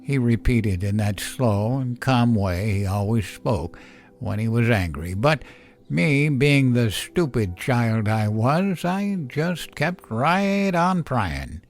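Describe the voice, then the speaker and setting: A man reading a scripted horror story aloud in a slow, grave storytelling manner. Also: medium pitch, expressive. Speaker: narrator.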